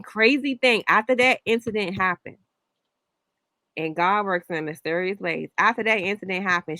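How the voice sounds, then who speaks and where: A woman's voice: fairly low pitch, a bit bright, dry recording. A woman hosting a casual reaction chat, telling stories in a rambling way with many restarts. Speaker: host.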